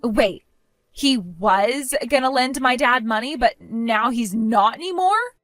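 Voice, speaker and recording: A woman's voice: on the high side, lively intonation, takes it slowly, fairly bright tone, no echo, clean studio sound, faint music behind. A woman voicing a spiteful young woman, the groom's sister, who talks in a mocking, dismissive way. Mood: confused.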